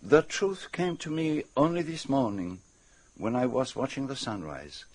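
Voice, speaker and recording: An actor, speaking in a measured, courteous, formal way. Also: male voice, mid-range voice, expressive, a little mellow. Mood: calm. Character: fastidious older male detective, calm, precise. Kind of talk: radio play acting.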